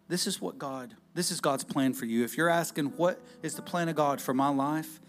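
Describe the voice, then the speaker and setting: A pastor delivers a conversational sermon. His voice sits high, and he moves between loud, emphatic bursts and hushed, intimate asides. Faint instrumental music plays underneath. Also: moderate pace, few pauses.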